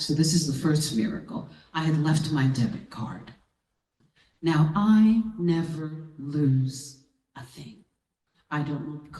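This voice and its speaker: A woman giving a sermon as a guest speaker, telling a personal story with lively energy and acting out the voices of the people in it. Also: sits low. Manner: animated, acts out quotes in voices. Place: church hall. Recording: roomy hall, distant mic.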